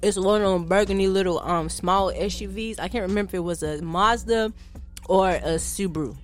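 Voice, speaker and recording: A woman tells a story at a quick clip in casual podcast chat. She acts out the voices of the people in it and swears freely. Faint music plays underneath. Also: medium pitch. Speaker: podcast co-host telling a story.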